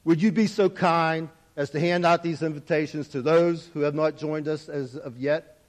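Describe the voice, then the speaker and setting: A man voicing a gentle, loving Jesus figure in a spoken story, talking softly and low. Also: steady tone, normal speed, close to an everyday voice. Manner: soft, low and tender.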